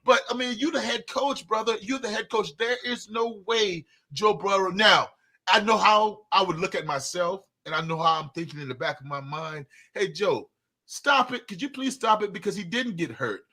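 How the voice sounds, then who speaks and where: A man with a high-pitched, pushed and bright voice talks at normal speed while co-hosting a sports talk show. In this casual sports debate he argues emphatically, repeating words as he gets going.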